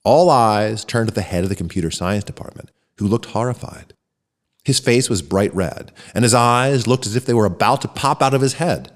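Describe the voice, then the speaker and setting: A man reading a short story aloud as narrator, raising his voice for the shouted lines of the characters. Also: on the low side, normal speed, big-room sound.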